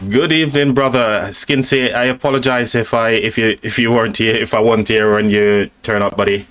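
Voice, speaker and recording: Chatty British man, lowish voice. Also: steady tone, a little fast, a bit bright. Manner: chatty and friendly, calls viewers mate and buddy. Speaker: live-stream host. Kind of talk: casual chat reading out viewer comments.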